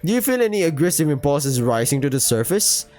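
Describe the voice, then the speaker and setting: A man's voice: fairly high pitch, big pitch swings, brisk, darkish tone, faint music behind. A man doing a stern lecturing therapist. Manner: blunt, lecturing. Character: stern middle-aged male therapist.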